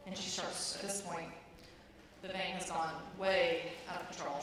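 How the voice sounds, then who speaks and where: A woman's voice: fairly low pitch, a little fast, a bit bright, slight background noise. A woman in her thirties telling a personal story, acting out her own lines with rising intensity. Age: 30s. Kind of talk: personal story told to an audience. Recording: very echoey room, distant mic.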